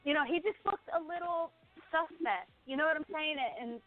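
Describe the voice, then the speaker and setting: A woman's voice: sits high, normal speed. A woman co-hosting a boxing show, giving blunt and opinionated fight takes in casual chat. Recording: tinny phone-like sound.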